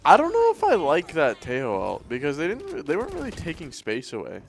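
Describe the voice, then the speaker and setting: A man giving relaxed color commentary on an esports match, with joking asides. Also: a little high, fairly quick, vocal fry. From Canada.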